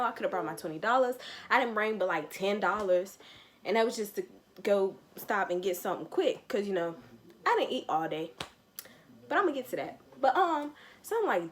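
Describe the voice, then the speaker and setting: A young woman, telling a slangy, animated storytime with quoted asides in a casual vlog. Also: mid-range voice, normal speed. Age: young adult. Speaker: vlogger.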